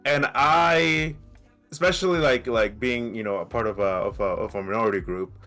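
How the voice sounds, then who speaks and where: A man's voice: mid-range voice, normal speed, bright, forceful tone, faint music behind. Rambling man on a podcast panel. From Mexico. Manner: rambling, many restarts and fillers; grows heated and emphatic. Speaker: podcast co-host. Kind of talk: casual panel discussion.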